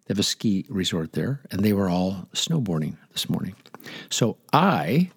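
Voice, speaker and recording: Older male radio pastor, casual and digressive, husky tone, dry studio sound. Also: sits low, sing-song, normal speed, no echo. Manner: chatty, rambling, jokey asides. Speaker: pastor and radio Bible teacher. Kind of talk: casual Bible teaching on air.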